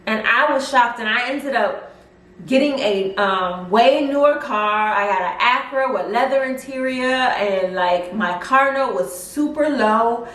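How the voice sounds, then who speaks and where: A young woman telling a personal story in a casual vlog, chatty and animated with lots of fillers. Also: fairly high pitch, unhurried. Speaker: vlogger. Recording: roomy echo, mic at a distance.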